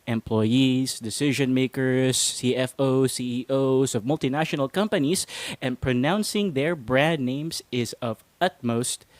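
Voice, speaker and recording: A man's voice: mid-range voice, dry recording. Playful man teaching pronunciation. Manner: playful, chuckles often. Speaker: English pronunciation teacher and host. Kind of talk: casual instructional lesson.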